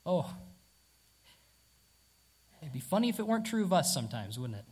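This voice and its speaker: Preacher mid sermon, husky, mid pitch, keeps asking the crowd right?. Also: very animated, normal speed, a little mellow. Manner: emphatic, rhetorical questions, repeats words.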